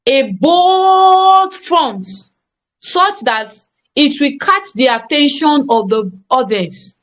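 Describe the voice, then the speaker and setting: Woman, design tutor, slightly high voice, emphatic and repetitive, live online class feel. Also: a bit bright. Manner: emphatic, repetitive, checks on students.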